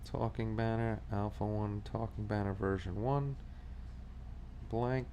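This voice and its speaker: Faint Christmas music drifts under the slight background noise as a New York-accented man from Astoria, Queens, hosts his casual livestream. His voice is lowish, dark and steady, and he takes his time. He rambles, chats with viewers and reads their comments aloud.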